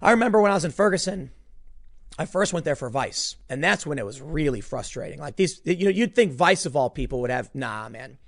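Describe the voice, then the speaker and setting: A man delivers an opinion rant as host of his own show. His voice sits a little high, and his delivery is emphatic and exasperated. He often restarts and repeats words as he gets worked up. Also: expressive, fairly quick. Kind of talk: ranting opinion commentary.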